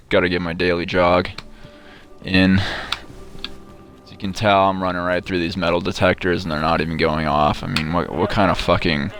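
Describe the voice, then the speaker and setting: A man's voice: sits low, little pitch movement, normal speed, a bit bright. A man giving sarcastic, mock-bragging gameplay commentary, profane and rambling. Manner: rambling with frequent restarts. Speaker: gamer commenting on his play.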